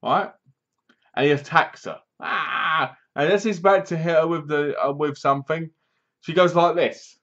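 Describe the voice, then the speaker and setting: A man talks through a horror film in a loose, chatty review, acting out scenes with bangs and booms. His voice sits a little high, and the recording is dull and lo-fi. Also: normal speed. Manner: rambling, animated retelling with sound effects and asides. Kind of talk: casual spoken film review.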